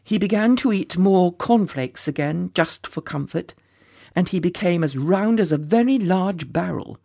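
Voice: medium pitch, lively intonation, unhurried, vocal fry, dark tone. A storyteller reading a children's story aloud, with playful, chatty asides to the listeners. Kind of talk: storybook narration.

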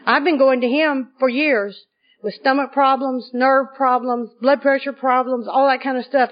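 A high-pitched woman from Arkansas, speaking at a recovery conference, tells a funny personal story to a live audience at normal speed. Her delivery is lively and comic, and she laughs often as she talks. The audio is dull and lo-fi, like an old conference tape.

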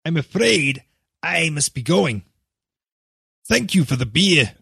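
A man's voice: on the high side, very animated, takes it slowly, vocal fry, sharp tone, husky, dry recording, clean studio sound, pitched above the performer's own voice, heavily acted. A man doing a blunt, scornful old scientist. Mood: curt. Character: gruff, dismissive bearded man of science.

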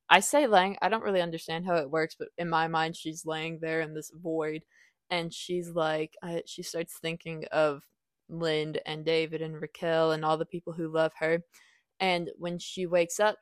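A young woman hosting a podcast, chatting casually and with animation as she reviews a book, acting out characters' lines in quick bursts. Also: on the low side, dry recording.

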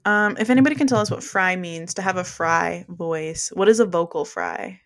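A woman in her late twenties chats on a podcast with a relaxed, self-mocking manner. Her voice has a light vocal fry, and she swears casually as she talks. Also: lowish voice, normal speed. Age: 20s. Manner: laid-back, swears casually, laughs at herself. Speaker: podcast co-host.

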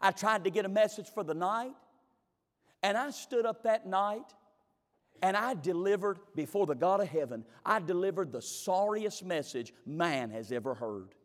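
A man's voice: high-pitched, expressive, normal speed. Man, preaching, heartfelt, echoing church hall. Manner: emphatic, heartfelt storytelling. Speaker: pastor. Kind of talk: sermon.

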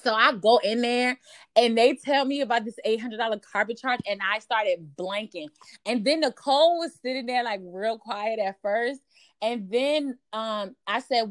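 A young woman telling a story in casual chat, animated and laughing often as she acts out what people said. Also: on the high side, a little slow, no room sound. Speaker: podcast host telling a story.

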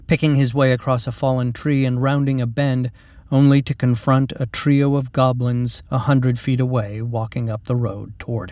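A man, the author, narrating his own story in a steady, dramatic reading. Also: medium pitch, dry recording, distant mic. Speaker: author and reader. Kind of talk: scripted narration.

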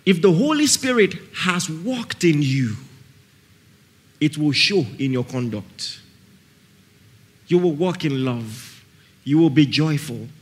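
Husky Nigerian preacher with lively pitch. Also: male voice, takes it slowly, long pauses. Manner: emphatic, repeats key phrases, often checks the audience is following. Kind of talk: sermon at a camp meeting.

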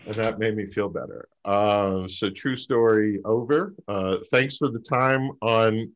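A man telling a comic true story on stage, halting with fillers before deadpan punchlines. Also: on the low side, muffled recording, slight background noise. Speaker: open mic storyteller.

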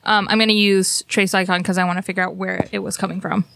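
A woman taking part as a player in a tabletop role-playing game, talking in an excitable way and laughing often. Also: medium pitch, fast talker, gravelly, noisy background. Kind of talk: casual tabletop play.

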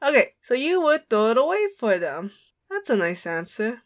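High-voiced woman hosting a podcast quiz, animated and teasing, cracks up a lot. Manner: quick, teasing and laughing often. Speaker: podcast co-host running a quiz. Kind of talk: casual podcast chat.

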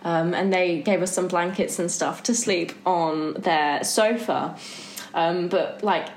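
A young woman hosting a podcast, telling a story in a lively chatty way and laughing often. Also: on the low side, slow. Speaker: podcast host. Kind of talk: casual storytelling chat. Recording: echoey room with faint noise.

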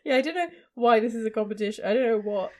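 A woman co-hosting a book podcast in casual chat, teasing dryly and pausing on fillers. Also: on the high side, a loud crowd. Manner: teasing, dry, hesitant with fillers. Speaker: podcast co-host.

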